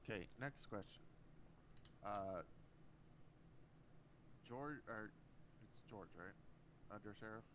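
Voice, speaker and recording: Hesitant low-voiced man in role-play. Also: slow pace, pauses often, fairly bright tone, slight background noise, poor audio. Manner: hesitant, asks careful questions. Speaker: roleplay bailiff. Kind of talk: in-character role-play chat.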